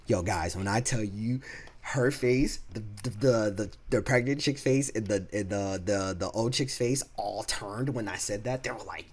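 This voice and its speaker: Young man, storytime vlog, casual and profane, repeats words, slightly low voice. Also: a little fast, fairly bright tone. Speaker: vlogger. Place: home room.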